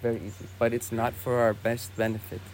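A young man tells a story the easy way, dropping plenty of "you know" and "like" as he goes. His voice sits at an ordinary middle pitch, and a faint hiss of room ambience hangs behind it. He sounds like a monk talking to visitors indoors. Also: monotone, brisk. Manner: easygoing, many fillers like "you know" and "like". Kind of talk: casual spoken storytelling.

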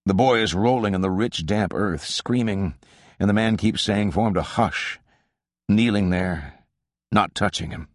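A man narrating a literary novel as an audiobook, in a measured, even reading. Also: on the low side, no echo, clean studio sound.

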